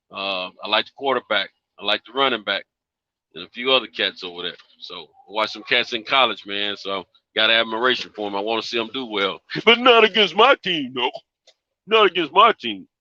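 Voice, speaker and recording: A man's voice: mid-range voice, sharp tone, no room sound, muffled recording. A man with a Southern accent hosting a casual live stream, talking in a drawling, folksy way full of slang. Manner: laid-back, drawling, folksy slang with frequent "you dig".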